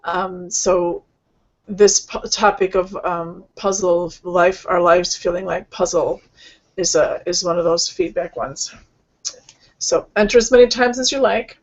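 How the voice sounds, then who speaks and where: A woman hosting an online healing session, speaking gently and rambling, with many fillers and restarts. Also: on the low side, measured pace, highs cut off. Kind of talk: casual spiritual talk.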